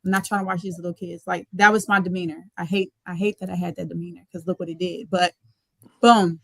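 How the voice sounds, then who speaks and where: A young woman, a basketball coach, telling her story in a casual, colloquial way during an interview, animated and laughing often. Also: lowish voice, fast talker, vocal fry, no echo. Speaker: guest, head basketball coach.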